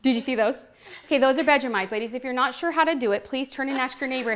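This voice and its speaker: A woman's voice: sits high, fast talker, fairly bright tone, slight background noise. A woman hosting a home party for a live group and demonstrating products, talking in a playful, cheeky way with frequent asides to the room. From Oregon.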